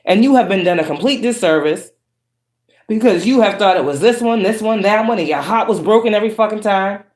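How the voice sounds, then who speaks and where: A woman's voice: mid-range voice, fast. Woman tarot reader, preachy and profane, roomy echo. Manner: profane, preachy, shifts between calm and harsh. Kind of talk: spiritual reading monologue.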